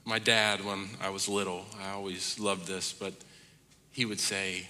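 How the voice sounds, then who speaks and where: A man preaching a sermon as pastor, swinging between hushed asides and loud emphatic runs. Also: mid-range voice, steady tone, moderate pace. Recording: long reverb of a large hall.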